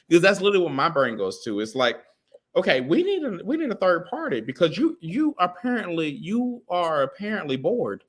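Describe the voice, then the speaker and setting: Give me a lively, crude man who swears constantly. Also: a little high, a little fast. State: tipsy. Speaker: podcast co-host. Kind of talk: casual chat.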